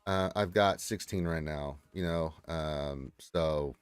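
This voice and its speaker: A man's voice: rumbling low, slow, clear, resonant tone, no echo. A man hosting a casual gaming livestream, chatting loosely and reading viewer comments with a joking manner. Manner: laid-back, rambling, joking. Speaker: livestream host.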